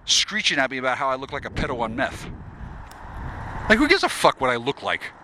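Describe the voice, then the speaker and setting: American dude ranting outside, cussing and tripping over his words, really bright sharp voice, little bit of traffic noise. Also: mid-range voice, sing-song, a little fast, poor audio. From United States. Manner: agitated, swearing, stammering restarts. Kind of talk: profane rambling rant.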